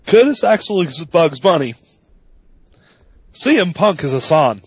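A man co-hosting a podcast, telling stories in an animated, profane way. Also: fairly high pitch, measured pace, pauses often, husky, no echo. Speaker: podcast co-host. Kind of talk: casual podcast chat. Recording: dry, dull lo-fi mic.

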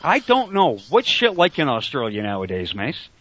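A man's voice: medium pitch, wildly swooping pitch, normal speed, a bit bright, no echo. A middle-aged man hosting an online talk radio show, rambling and joking crudely over a call mic. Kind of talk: casual talk radio banter. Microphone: computer call mic. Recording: dull lo-fi online call audio.

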